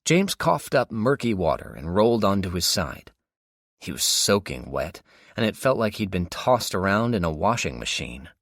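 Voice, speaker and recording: A man narrating a zombie survival audiobook in a steady, measured way. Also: low-pitched, dry recording, clean studio sound. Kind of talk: scripted narration.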